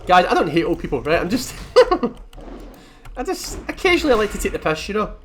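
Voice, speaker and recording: A man's voice: high-pitched, wildly swooping pitch, fairly quick, fairly bright tone, a little hiss or hum. A man giving rambling, jokey, sweary commentary while playing a game. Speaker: gaming video host.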